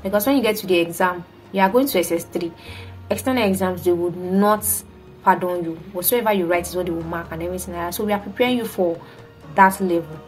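A woman's voice: on the low side, fairly quick, breathy edge, soft background music. A young woman, a teacher telling a dramatic story in a casual vlog, full of exclamations and acted-out quotes. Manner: animated and dramatic, acting out quotes with many exclamations. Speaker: teacher and vlogger.

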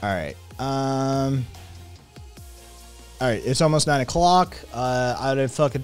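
A man's voice: mid-range voice, measured pace, long pauses, clear, resonant tone, soft background music. A man streaming live, chatting casually with viewers in a rambling, sarcastic way, with lots of swearing and filler words.

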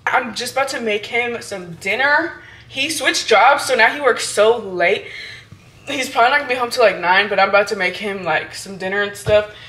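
A woman's voice: a little high, moderate pace, pushed and bright. A woman in her twenties from Hawaii, chatting frankly to camera in a casual vlog, full of fillers and easy swearing. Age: 20s. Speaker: vlogger.

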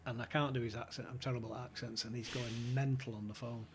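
A man's voice: medium pitch, level tone, quick pace, slight background noise. A man telling stories casually, swearing and laughing as he goes. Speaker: podcast guest, former club insider. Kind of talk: casual storytelling chat.

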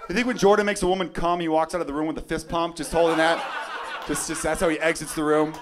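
A fast-talking comedian from Chicago, his voice a little high, works a club stage with a handheld mic, delivering brash, excitable, profane bits. The live recording picks up crowd laughter and background noise.

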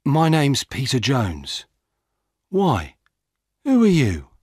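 A man's voice: mid-range voice, wildly swooping pitch, slow pace, a little mellow, breathy edge, no echo, clean studio sound, voice pushed up, exaggerated voice. A man playing a defensive young jogger.

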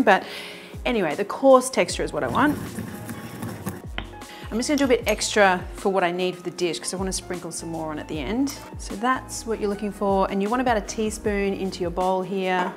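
Lady walking you through a recipe in her kitchen, chatty and excited, talks right to the viewers, faint music behind. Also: mid-range voice. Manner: laughs easily. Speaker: cooking show host. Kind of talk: cooking demonstration.

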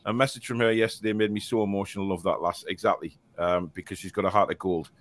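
A man's voice: sits low, steady tone, fast. A man hosting a casual live fan show, chatty and laughing, reading out viewer comments with plenty of fillers and restarts. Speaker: fan podcast host.

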